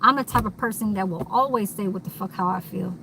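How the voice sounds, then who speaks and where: A woman's voice: mid-range voice, quick pace, creaky, sharp tone, a little hiss or hum, poor audio. A woman vlogging in a candid, rambling monologue, blunt and swearing freely, recorded inside a vehicle.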